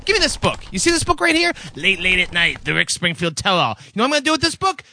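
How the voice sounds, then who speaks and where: A man's voice: sits high, sing-song, quick pace, noisy background. A man co-hosting as a pop music critic, hyper, teasing and goofy in comic banter.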